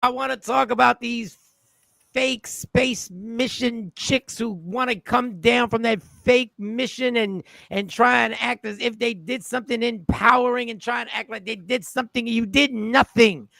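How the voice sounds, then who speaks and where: A man's voice: very high-pitched, steady tone, measured pace, creaky, pushed and bright, no room sound. A man hosting a live talk show, ranting in a fired-up, preachy way. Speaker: show host.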